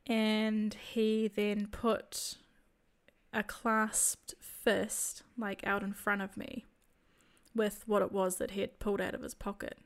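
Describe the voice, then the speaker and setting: Woman, faith testimony, slow and soft, reflective storyteller, mid-range voice. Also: medium pitch, monotone. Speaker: storyteller sharing a spiritual experience.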